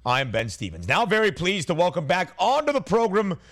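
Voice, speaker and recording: A man hosting a sports betting talk show, his pitch swinging up and down a lot as he moves through picks. He speaks briskly, with teasing banter. The delivery is upbeat radio hosting. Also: big pitch swings, a bit bright.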